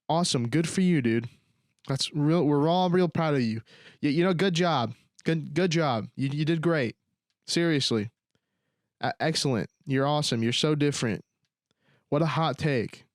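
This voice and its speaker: A man's voice: a little high, moderate pace, no echo, clean studio sound. A young man hosting a solo podcast, ranting in casual slang and leaning on sarcasm. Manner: slangy, repeats "dude" and "bro", sarcastic. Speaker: podcast host.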